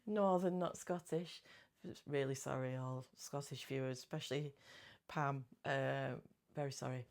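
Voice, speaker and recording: A woman's voice: sits low, moderate pace, a little mellow. A middle-aged woman chatting casually about her cross-stitch projects, giggly and often correcting her own words. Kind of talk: casual chat.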